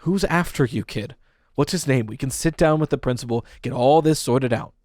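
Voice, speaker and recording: A man voicing a calm, concerned male teacher in an audiobook, talking reassuringly. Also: mid-range voice, normal speed, no echo, studio quality, lightly acted. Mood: soothing. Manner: soothing, reassuring.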